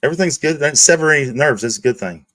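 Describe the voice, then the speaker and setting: A man's voice: a little high, lively intonation, racing, fairly bright tone, dry recording. A middle-aged man telling rambling, profane work stories in casual chat as a stream host. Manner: rambling, profane, laid-back.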